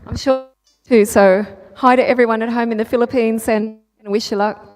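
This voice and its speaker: A woman's voice: on the high side, fairly even intonation, normal speed, a little mellow. A woman interviewing a driver trackside, upbeat and encouraging in her questions. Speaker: pit-lane interviewer.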